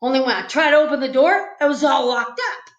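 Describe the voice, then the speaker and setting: A woman with a high voice reads a children's book aloud, telling it playfully from a child's point of view. The recording is a little dull, in a room with a noticeable echo. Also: animated, a little fast. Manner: playful, first-person child's storytelling. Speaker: storytime reader. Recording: echoey room, slightly dull sound.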